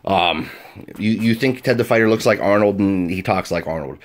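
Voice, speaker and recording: Man, deep voice, game master, casual tabletop tutorial, chatty explaining. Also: a little fast. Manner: chatty and explanatory, with frequent fillers. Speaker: game master and video host.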